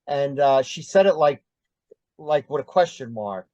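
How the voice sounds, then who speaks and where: A man's voice: medium pitch, animated, moderate pace, a little mellow, no echo, lo-fi sound. Older man telling a rambling story. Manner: rambling, many ums and uhs. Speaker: interview guest. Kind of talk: casual storytelling.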